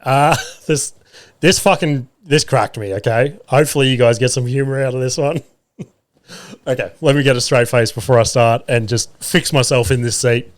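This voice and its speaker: A man's voice: mid-range voice, moderate pace. Swearing Australian man telling stories. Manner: swearing, laughing, acting out family voices. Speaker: podcast host. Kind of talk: casual storytelling monologue.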